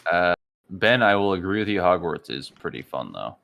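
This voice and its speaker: A man co-hosting a casual podcast chat, telling relaxed stories and acting out game dialogue. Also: sits low, moderate pace, creaky. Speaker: podcast co-host.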